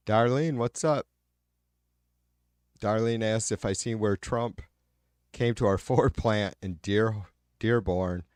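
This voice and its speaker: A man's voice: on the low side, dry recording. Man, from michigan, livestream host, swearing rant, fillers and restarts, dry close sound. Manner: profane, angry ranting with frequent fillers and restarts. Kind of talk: casual livestream chat reading viewer comments.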